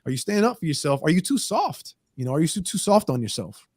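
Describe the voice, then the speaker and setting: A man's voice: fairly high pitch, big pitch swings, fast talker, darkish tone, husky, no echo, clean studio sound. A man hosting a talk show segment, speaking in an earnest, emphatic, plain-spoken way about how people talk to themselves.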